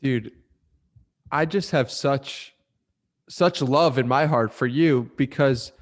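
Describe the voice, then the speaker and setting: A man hosts a podcast and asks his questions earnestly, affirming his guest as he goes. His voice sits somewhat high for a man. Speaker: podcast host. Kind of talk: interview questions.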